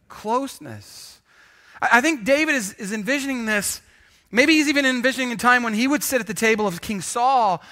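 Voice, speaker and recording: A man preaching in church as pastor, telling a jokey story with sudden loud bursts. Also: sits high. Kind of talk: sermon with storytelling.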